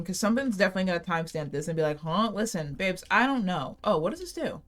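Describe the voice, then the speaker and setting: A woman's voice: medium pitch, fairly bright tone. A young woman chatting casually over gameplay in a rambling, profane, self-mocking way. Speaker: gaming channel host.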